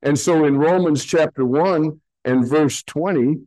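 A pastor teaching a sermon, slowly explaining Greek words from slides in a patient, deliberate way. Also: male voice, fairly high pitch, darkish tone, low-quality recording.

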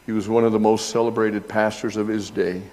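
A middle-aged male pastor preaching a sermon, reading from an old essay and rising to loud, high emphasis when retelling scenes. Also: level tone, fairly quick, long reverb tail. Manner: reads aloud from an old essay between remarks.

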